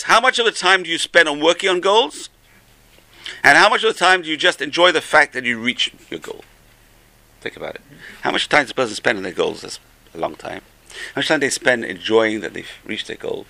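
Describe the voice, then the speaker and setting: A man leads a religious class and tells his stories with animated energy, acting out voices as he goes. His voice is gravelly with a sharp, bright edge. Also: lowish voice. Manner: animated storytelling with acted-out voices. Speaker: teacher. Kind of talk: Torah class talk.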